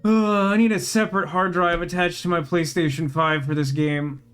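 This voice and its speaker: A man's voice: fairly high pitch, steady tone, normal speed, a bit bright, smooth, soft background music. A man giving let's play commentary, thinking aloud as he works through puzzles, with wry, sarcastic asides. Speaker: gaming channel host.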